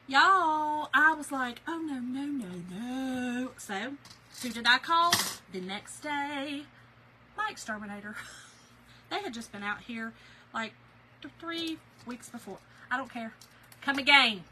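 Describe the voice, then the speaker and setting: Chatty bright-voiced woman. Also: sits high, unhurried, slight background noise, poor audio. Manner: chatty, animated storyteller, laughs often. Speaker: craft channel host. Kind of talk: casual livestream chat with viewers. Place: home.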